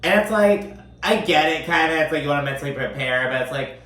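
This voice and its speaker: A man's voice: on the high side, fairly quick, fairly bright tone. A man giving a casual, profane recap of a reality TV episode, chatty and full of filler words. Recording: roomy, mic at a distance.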